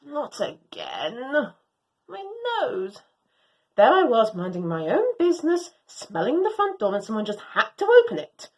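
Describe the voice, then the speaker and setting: A woman reading a storybook as an excitable, proud young female Doberman, speaking theatrically in grand old-fashioned phrases. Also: fairly high pitch, a little slow, heavily acted, poor audio. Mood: dramatic.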